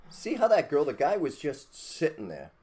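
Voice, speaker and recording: A man's voice: on the high side, huge pitch swings, normal speed, very noisy. A man hosting a podcast, talking in a blunt, preachy, casual rant with mild cursing and a habit of asking "okay?". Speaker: podcast host.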